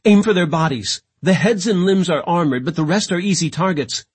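A husky man voicing a knowing male crewman, breathless and analytical, his voice a bit higher and louder than the narration, explaining in a raspy tone for a sci-fi audiobook. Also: a little fast. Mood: tense.

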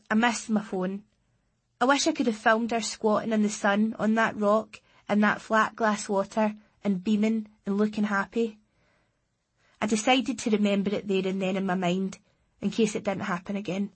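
A woman's voice: mid-range voice, fairly even intonation, moderate pace, husky. A woman reading a first-person story aloud in a plain, understated way. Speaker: audiobook narrator. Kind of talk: scripted first-person narration.

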